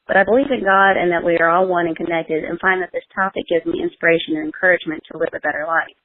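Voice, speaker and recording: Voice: medium pitch, steady tone, fast, no echo. A listener asking a question in a recorded voice message. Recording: tinny phone-line recording.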